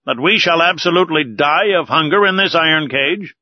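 A man reading aloud as a hot-tempered adult male harpooner, voicing him higher and louder in indignant outbursts. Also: moderate pace, no room sound, close to an everyday voice. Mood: outraged. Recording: dull, lo-fi recording.

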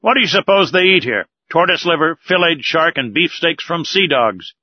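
A man reading aloud as a hot-tempered adult male harpooner, voicing him higher and louder in indignant outbursts. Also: expressive, moderate pace. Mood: scornful. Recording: dull, lo-fi recording.

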